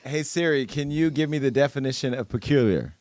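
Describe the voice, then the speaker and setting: A man's voice: mid-range voice, quick pace, a little mellow, no echo. A man hosting a podcast in casual, playful chat, laughing and cursing as he talks. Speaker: podcast host.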